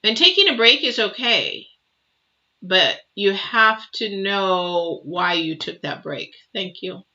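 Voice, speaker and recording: A woman's voice: mid-range voice, animated, slow, pushed and bright. A woman giving a live tarot reading and answering viewers, emotive and chatty with many fillers and restarts. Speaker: tarot reader. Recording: dull lo-fi sound.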